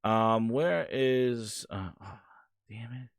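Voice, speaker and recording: Excitable, lively-voiced stream host. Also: male voice, mid-range voice, slow pace, no room sound, clean studio sound. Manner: rambling, excitable, swears casually. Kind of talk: casual live-stream chat.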